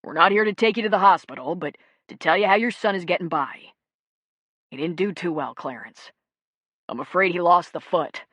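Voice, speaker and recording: A calm small-town police chief, as a woman narrator puts him on, plain and matter-of-fact. His delivery is steady and close, with a dry sound. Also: on the low side, moderate pace, no room sound, dull audio.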